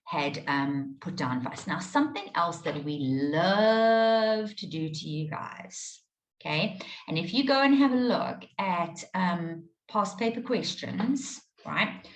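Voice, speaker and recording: A woman teaching a live online maths class, explaining steps patiently and checking in with her students often. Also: fairly low pitch. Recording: roomy echo.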